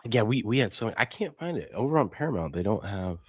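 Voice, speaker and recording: Male co-host, very low pitch, dry, casual stream banter, reads chat aloud. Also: quick pace, breathy edge, no echo. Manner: reads viewer chat aloud, rambling and excitable. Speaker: sports show co-host.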